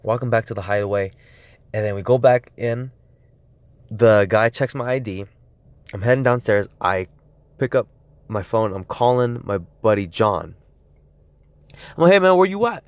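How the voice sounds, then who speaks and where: A man's voice: moderate pace, no echo. Young guy telling a crazy night out story, swears a ton, dry close sound. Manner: excited, voice climbing high as the story peaks; heavy swearing, rambling retelling. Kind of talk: casual storytelling to camera.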